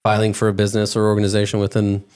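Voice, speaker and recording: A man's voice: fairly low pitch, completely flat delivery, racing, darkish tone, clear, resonant tone. A man hosting a podcast, steering the conversation and walking through news cases. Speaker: podcast host. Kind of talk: casual podcast chat.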